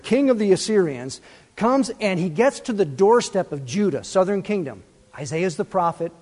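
A man preaching a sermon, animated and full of rhetorical questions, swinging between loud and soft. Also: high voice. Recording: long reverb.

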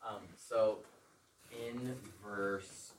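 Low-voiced man speaking from across a roomy space. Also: steady tone. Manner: halting, reads scripture then explains with fillers. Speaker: class participant. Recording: roomy, distant mic, faint noise.

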